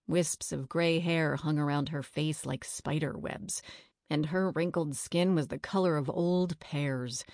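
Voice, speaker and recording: A woman narrating a children's chapter book in a measured storytelling manner. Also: low voice, no room sound, studio quality. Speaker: audiobook narrator. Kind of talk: scripted children's audiobook narration.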